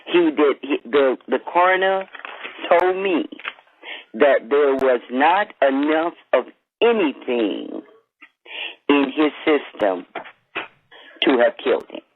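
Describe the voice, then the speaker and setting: Slow firm man on a tinny line. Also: fairly high pitch, sing-song. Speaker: interviewee recounting a death. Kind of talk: plain spoken account. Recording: tinny phone line with faint noise.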